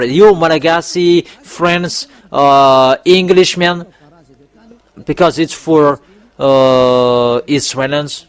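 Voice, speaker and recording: Male preacher, slightly high-pitched, exhorting and repetitive, pushes up hard on warnings. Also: drawn-out words, clear, resonant tone, dry recording. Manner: emphatic exhorting, voice rising on warnings; repetitive, with fillers and restarts. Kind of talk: sermon.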